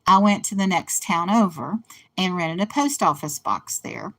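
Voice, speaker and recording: A woman's voice: fairly low pitch, lively intonation, moderate pace, fairly bright tone. An older woman from West Virginia with a slight accent, rambling through casual stories as a show host. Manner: rambling storyteller, laughs at own stories. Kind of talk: casual monologue. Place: in a car.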